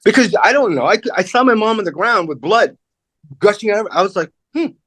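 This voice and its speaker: A middle-aged man, a comedian guest, telling a personal story in a candid, animated way and acting out the voices of the people in it. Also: sits high, fairly quick, dry recording. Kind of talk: casual interview storytelling.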